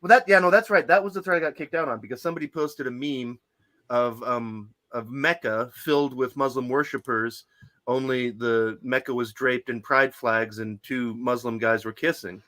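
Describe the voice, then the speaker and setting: A man's voice: medium pitch, normal speed, pushed and bright. A man co-hosting a podcast, telling stories in a rambling way with lots of restarts. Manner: rambling storyteller, many likes and restarts. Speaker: podcast co-host. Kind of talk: casual chat.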